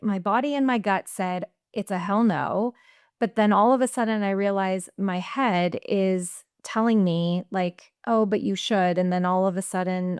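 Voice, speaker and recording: A woman speaks with a smooth, resonant voice, recorded close and dry. She talks casually as a coach, throwing in "right?" and voicing her own thoughts aloud. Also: medium pitch, darkish tone, no room sound. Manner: chatty, tags "right?", acts out her inner voice. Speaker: executive coach guest. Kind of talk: casual interview chat.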